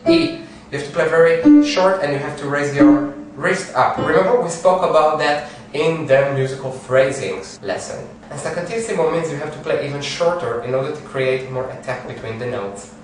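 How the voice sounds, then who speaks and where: Male piano teacher, fairly high voice, counts beats and sings, very echoey room, a bit off mic, piano behind. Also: recorded from a distance. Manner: counts beats and sings phrases while explaining. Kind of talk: piano lesson.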